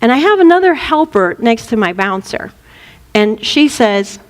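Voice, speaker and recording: A woman's voice: fairly high pitch, very animated, normal speed, long reverb tail. A woman minister giving a spiritual teaching talk, playful, laughing often and acting out little voices.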